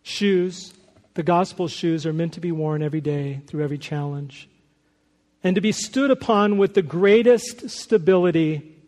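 A man's voice: on the high side, normal speed, a little mellow. A man preaching a sermon as a pastor, earnest and emphatic, reading a story aloud to his congregation. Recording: long hall reverb.

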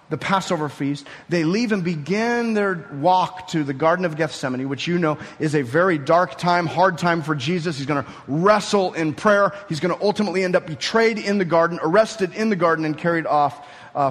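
A man preaching a sermon, teaching through a passage and building to emphatic peaks. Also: on the high side. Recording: reverberant hall.

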